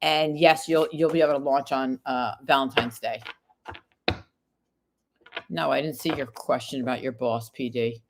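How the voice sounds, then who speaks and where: Unhurried and steady, with long pauses, a woman with an extremely low voice reads tarot on a live stream over some background noise. Recovering from an illness, she reads each viewer's question out loud and answers it card by card.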